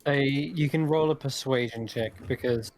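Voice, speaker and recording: A man's voice: mid-range voice, moderate pace, a little mellow. A man running a tabletop role-playing game as game master, describing scenes in detail and laughing easily.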